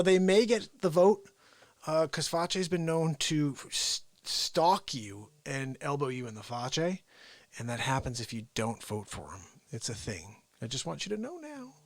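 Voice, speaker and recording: A man's voice: fairly high pitch, creaky, no room sound. A man hosting his own live show, rambling and joking, sometimes dropping into whispered asides. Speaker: host. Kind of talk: casual livestream chat.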